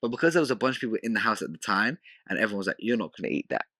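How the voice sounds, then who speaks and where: A young man tells house stories on a podcast with lots of swing in his pitch and a bright, forward tone. He slips into quick impressions of friends as he goes. The recording is dry and close. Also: dry recording. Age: young adult. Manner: animated storyteller, mimics housemates. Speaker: podcast guest. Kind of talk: casual podcast chat.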